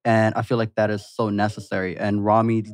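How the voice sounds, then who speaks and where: A man's voice: lowish voice, level tone, brisk, dry recording, clean studio sound. A man hosting a podcast, speaking in casual slang and earnestly thanking his guest. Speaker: podcast host. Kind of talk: casual chat.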